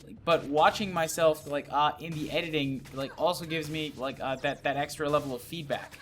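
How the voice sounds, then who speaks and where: A man's voice: a little high, steady tone, fairly quick, fairly bright tone, slight background noise. A young man hosting a let's play, chatting casually and rambling with lots of "like" and "uh". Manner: rambling, heavy use of "like" and "uh". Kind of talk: casual gaming commentary. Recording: game music behind.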